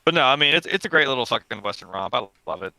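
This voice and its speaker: Foul-mouthed man, very bright dry voice. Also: mid-range voice, racing, dry recording. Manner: swears a lot, rambling and excitable. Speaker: podcast co-host. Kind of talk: casual chat.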